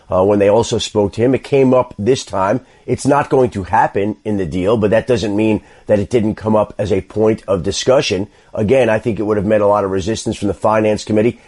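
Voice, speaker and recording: A man with a mid-range voice gives football analysis on sports radio. He is measured and methodical, and he keeps circling back to his key points. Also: medium pitch, a little mellow. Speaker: football insider.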